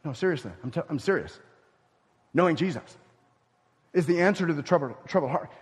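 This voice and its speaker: A man preaching a sermon as pastor, swinging from loud emphatic lines to hushed, near-whispered ones. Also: fairly high pitch, expressive, brisk, husky, in a large hall.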